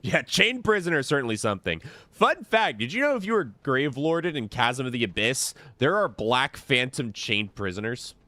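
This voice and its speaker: A man's voice: mid-range voice, big pitch swings, fairly quick, hardly any pauses, pushed and bright, dry recording. A man streaming a game live, chatting casually to his viewers as he plays. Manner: casual, chatty, talks to chat. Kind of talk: live gameplay commentary.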